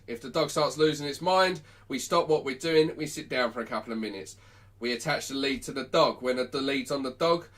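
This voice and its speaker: Blunt, sweary dog trainer. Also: male voice, a little high, a bit bright. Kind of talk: live stream Q&A and instruction.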